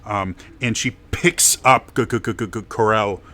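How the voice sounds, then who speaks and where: A man's voice: on the low side, normal speed, sharp tone. A man running a tabletop game as game master, narrating with a heavy stutter on the first sounds of words.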